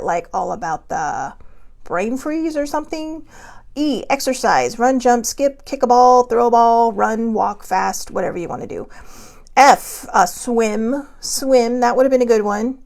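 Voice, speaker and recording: A woman's voice: fairly high pitch, gravelly, darkish tone. A woman hosting her own show, talking casually and rambling, often laughing as she goes. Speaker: host. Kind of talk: casual talk show monologue.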